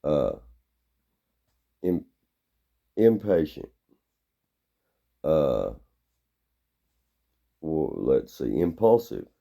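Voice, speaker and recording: A man giving a blunt, gruff, rambling opinion monologue. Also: a bass voice, sing-song, very slow, long pauses, dark tone.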